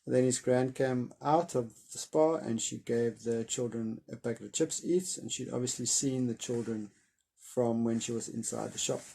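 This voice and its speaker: A man with a low, gravelly, mellow voice reads a storybook chapter aloud. Afterward he retells it in a loose, unscripted way, pausing often to find his words. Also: steady tone, a little hiss or hum. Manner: hesitant summary with many filler pauses. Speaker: reader of a children's novel. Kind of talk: reading a book chapter aloud, then summarizing it informally.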